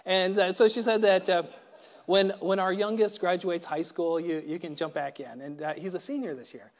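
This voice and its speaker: A man's voice: sits high, steady tone, normal speed. A middle-aged man giving a personal recovery talk, wry and self-deprecating, often stammering and restarting his sentences. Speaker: recovery meeting speaker.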